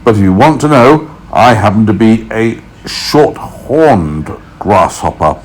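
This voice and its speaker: A man's voice: on the low side, lively intonation, slow pace. A man voicing an old male grasshopper musician in a storybook, polite and a bit pompous as he explains things. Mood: lecturing. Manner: polite, slightly pompous lecturing.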